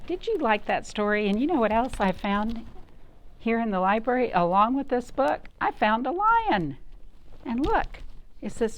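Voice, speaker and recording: Slow, gentle storytime librarian woman. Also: a little high, sing-song, slight background noise. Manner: gentle, asks the children questions. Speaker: children's librarian. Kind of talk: children's storytime reading.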